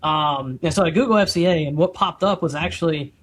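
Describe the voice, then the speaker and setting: A middle-aged podcast guest with a voice on the high side tells his testimony fairly quickly, rambling casually with many restarts. He's an animated storyteller who acts out his own quotes.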